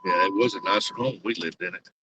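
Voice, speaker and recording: There's background noise around this older man's deep, quick-paced voice. He's a livestream host driving on icy roads, rambling casually and folksily while he teases his passengers and talks to his chat from inside the car.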